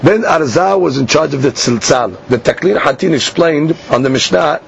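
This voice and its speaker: A man teaching a Talmud class. He reads each line slowly and then explains it in plain English. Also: a little high, lively intonation, gravelly. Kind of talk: Talmud class, reading and translating. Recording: dull lo-fi class recording with faint hiss.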